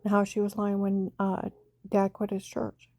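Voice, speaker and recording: A woman's voice: mid-range voice, monotone, moderate pace, mellow, dry recording. An older woman rambling through a personal story, retelling old conversations with many repeats of "I said". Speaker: vlogger telling a personal story.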